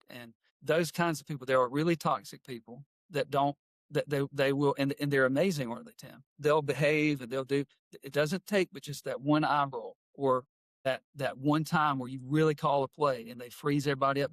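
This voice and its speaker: A man's voice: medium pitch, dry recording, studio quality. Folksy man telling stories. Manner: folksy, with homespun phrases. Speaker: guest, workplace culture consultant and author. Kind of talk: casual interview talk and storytelling.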